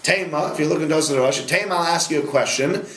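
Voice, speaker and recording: A man, a rabbi, teaching a Talmud class in a study hall, firing questions at his students in a lively way. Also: on the high side, fast talker. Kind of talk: interactive Talmud lesson.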